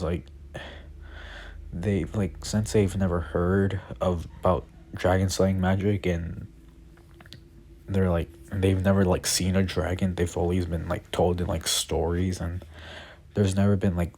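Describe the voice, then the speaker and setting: Young male storyteller, slow and rambling. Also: low voice, darkish tone, husky. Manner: rambling, lots of fillers and self-corrections. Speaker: fan story narrator. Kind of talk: casual improvised storytelling.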